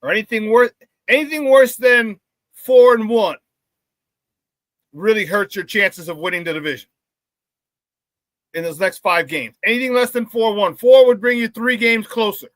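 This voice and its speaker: Hyped sports talk host. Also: male voice, sits high, moderate pace, long pauses, dry recording. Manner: hyped, shouts out viewers, laughs often. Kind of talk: live sports talk show, reading chat.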